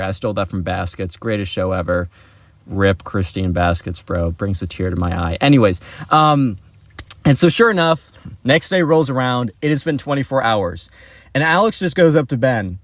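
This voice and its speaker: A young man telling a story in a casual, animated vlog style, with lots of chatty fillers. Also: on the low side, moderate pace, no room sound.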